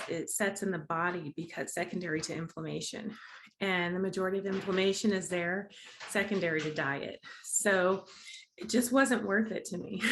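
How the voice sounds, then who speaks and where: A bubbly, chatty woman vlogs to camera in a mid-range voice over slight background noise. She hosts a diet challenge series and keeps it casual, laughing often and restarting her sentences.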